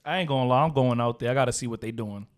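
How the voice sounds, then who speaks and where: A man's voice: medium pitch, rapid-fire. A man co-hosting a podcast, talking casually with slang and joking animatedly. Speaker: podcast co-host. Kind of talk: casual chat.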